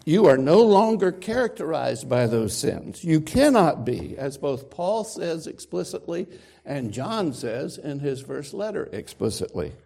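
Gravelly, lively slow-preaching man. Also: a little high. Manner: emphatic, slow and deliberate preaching with dramatic pauses. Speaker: pastor. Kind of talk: sermon. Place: church sanctuary with congregation.

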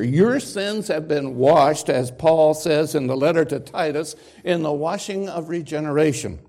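A man preaching a sermon to a congregation, emphatic and deliberate with dramatic pauses. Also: on the high side, creaky, a little mellow. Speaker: pastor. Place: church sanctuary with congregation.

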